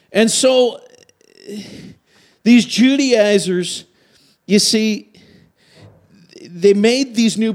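Lively, high-voiced man preaching. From Canada. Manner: animated storytelling, asks the audience questions. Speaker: pastor. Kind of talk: sermon.

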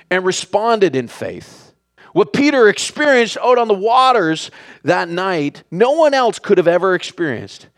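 A man preaching a sermon, animated, acting out the lines of the people in the story. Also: sits high. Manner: animated, acts out the characters' lines.

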